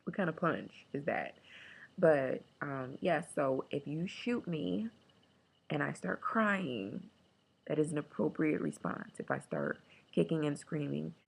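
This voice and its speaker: A woman talking candidly in a casual video diary, emotional and joking, sometimes breaking into a squeaky high chant. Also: creaky, poor audio. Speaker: vlogger.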